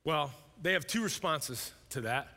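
A male pastor preaching a sermon in a conversational, animated way, sometimes acting out voices. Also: on the high side, unhurried, creaky. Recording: long hall reverb.

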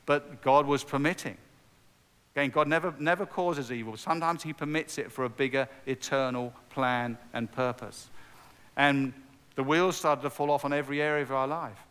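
A middle-aged male preacher with a smooth, resonant voice gives an earnest testimony. He repeats himself and builds to emphatic peaks. His words ring out with a long reverb in a large hall. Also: mid-range voice, normal speed, fairly bright tone. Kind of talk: sermon.

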